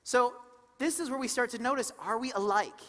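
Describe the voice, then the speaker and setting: A woman co-presenting a live seminar, animated and engaging the audience with questions and acted-out stories. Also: on the high side, fairly quick. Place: conference hall before an audience. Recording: reverberant hall sound.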